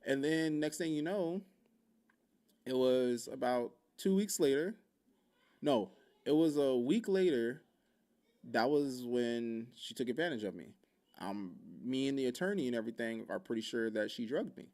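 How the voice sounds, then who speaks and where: A man's voice: mid-range voice, expressive, measured pace, a little mellow. A man hosting his own podcast, talking frankly and rambling, with heavy swearing and candid personal stories. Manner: rambling with self-interruptions. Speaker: podcast host. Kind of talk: casual solo podcast talk.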